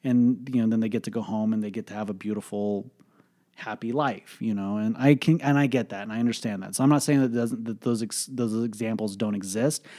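A man's voice: lowish voice, fairly even intonation, brisk, dark tone. A man hosting a podcast, telling a personal story in a blunt, profane and emphatic way, full of fillers. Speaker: podcast host. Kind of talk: candid podcast monologue.

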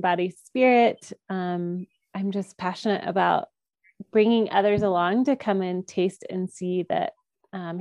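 Brief: measured, earnest woman guest, dry recording. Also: mid-range voice, darkish tone, no echo. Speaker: podcast guest. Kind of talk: casual group chat.

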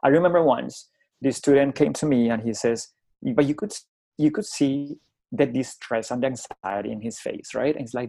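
A man's voice: mid-range voice, moderate pace, gravelly. A middle-aged man from Colombia, a native Spanish speaker, telling classroom stories as a guest and acting out the dialogue, often tagging on "right?". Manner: animated, acts out dialogue, frequent tag "right?". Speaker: college instructor and guest. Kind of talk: conversational storytelling.

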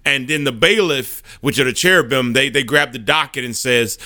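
A man's voice: mid-range voice, normal speed, few pauses, bright, forceful tone, no echo, studio quality. A man preaching a sermon, telling a vivid courtroom story and often repeating words as he goes.

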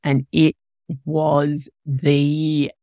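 A woman's voice: low-pitched, completely flat delivery, extremely slow, warm tone, no echo, clean studio sound. A woman hosting a podcast, telling a personal story in an emotional, candid way and growing teary as she talks. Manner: emotional, tearful at moments, candid with swearing. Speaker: podcast host.

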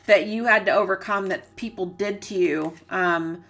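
A woman with a bright, clear-toned voice gives a channeled tarot reading. She rambles earnestly, hunting for the right words and leaning on fillers as her feelings rise. Her pitch sits in an ordinary middle range. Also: moderate pace. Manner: rambling, searching for words, many "like"s; emotional, earnest. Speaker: psychic reader.

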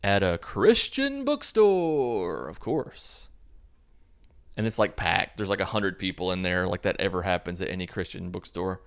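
A man's voice: sits low, level tone, normal speed, fairly bright tone, clear, resonant tone. A young man hosting a podcast, recapping a movie in a sarcastic, profane, comic way. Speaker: podcast host.

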